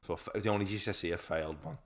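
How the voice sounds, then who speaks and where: A young man co-hosting a podcast, telling animated stories with laughs and swearing. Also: low voice, rapid-fire. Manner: animated storyteller, swears, laughs often, says "lad". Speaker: podcast co-host. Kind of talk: casual chat.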